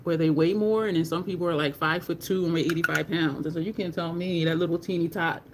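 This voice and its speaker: A woman's voice: on the low side, fairly even intonation, fast talker, noisy background. A teary woman, chatting candidly on a makeup livestream, swearing casually and thanking viewers in chat. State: teary, near crying.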